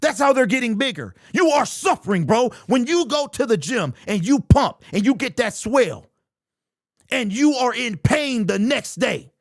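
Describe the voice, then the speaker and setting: This sports channel host has an extremely high-pitched voice, recorded dry in studio quality. Reading viewers' super chats on his livestream, he gets animated and argumentative, hammering the same points repeatedly.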